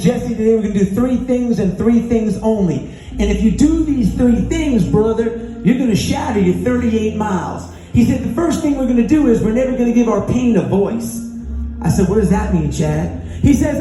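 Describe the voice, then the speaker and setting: Male keynote speaker, very high voice, lively storytelling, echoey hall with music under it. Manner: energetic storytelling, acting out dialogue, chanting call-and-response. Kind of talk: motivational stage speech. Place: large conference hall on stage.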